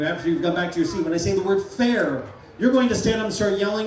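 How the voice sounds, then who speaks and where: A middle-aged man working as a stage hypnotist at a live comedy show, playfully giving loud, repeated suggestions to volunteers. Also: sits high, fast talker, a little hiss or hum. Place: large fair tent. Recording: echoey tent, mic heard from far.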